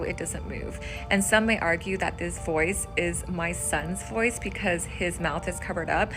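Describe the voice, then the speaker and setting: Woman, lowish voice, earnest explanatory story, music underneath. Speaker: mother sharing a personal video.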